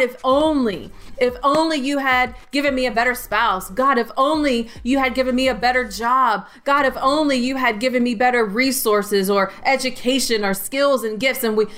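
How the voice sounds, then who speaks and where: Woman preacher, slightly high voice, earnest and encouraging devotional delivery. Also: fairly bright tone. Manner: earnest, encouraging, repetitive emphatic lists. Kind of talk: short online devotional sermon.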